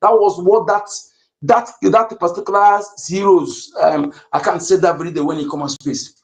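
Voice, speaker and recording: A man's voice: high-pitched, steady tone, normal speed, roomy sound, low-quality recording. A man speaking heatedly in an online audio forum, repeating himself emphatically and with accusations. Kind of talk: heated live call-in speech.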